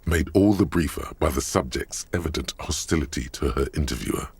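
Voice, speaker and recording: Wry game narrator: very low, dry close sound, sardonic second-person storytelling. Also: male voice, brisk, husky, no room sound, exaggerated voice. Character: deep-voiced male narrator, dry and wry. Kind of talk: scripted voiced narration.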